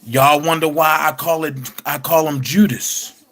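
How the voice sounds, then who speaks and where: A man hosting an online commentary show, speaking in a casual, emphatic way with drawn-out phrases. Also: on the high side, fairly even intonation, fairly bright tone. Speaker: commentary channel host.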